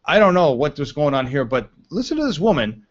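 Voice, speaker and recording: A man's voice: a little high, sing-song, brisk, highs cut off. Profane, ranting male commentator. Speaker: live stream commentator. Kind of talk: casual political commentary.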